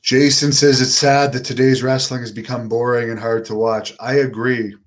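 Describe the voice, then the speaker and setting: A middle-aged man from Canada chatting on his own live stream. He answers viewer questions in a relaxed, unhurried way, with a flat, unenthusiastic delivery, and he talks at a mid pitch typical for a man. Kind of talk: casual live-stream chat.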